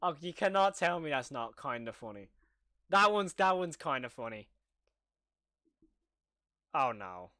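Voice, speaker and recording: Young male horror reaction streamer, fairly high voice, excitable, talkative, reacts loudly. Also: measured pace, pauses often, dry recording. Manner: excitable, reacts aloud with repeated exclamations; chatty, answers viewer questions. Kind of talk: live reaction commentary.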